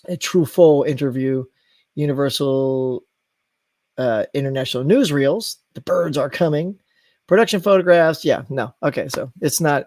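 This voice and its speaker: Male host, casual live-chat delivery, rambling and animated, slightly high voice, dry close mic. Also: dry recording. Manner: rambling and animated, laughs at his own tangents. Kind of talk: casual live-stream chat reading viewer comments.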